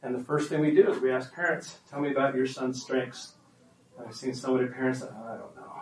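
A man's voice: mid-range voice, steady tone, fairly quick, roomy sound, distant mic, slight background noise, low-quality recording. A man presenting a workshop to parents, talking conversationally and emphatically and often checking in with the room.

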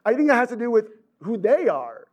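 Male storyteller with a high voice. Animated and conversational, keeps asking "right?". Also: a little fast. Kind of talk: personal storytelling.

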